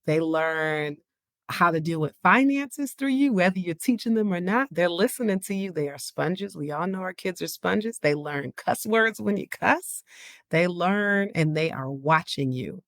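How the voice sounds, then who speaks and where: A woman's voice: lowish voice, expressive, unhurried, fairly bright tone, dry recording. Candid chatty woman podcast host, dry sound. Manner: candid, chatty, frequent "like" and "you know". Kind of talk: casual podcast talk on parenting.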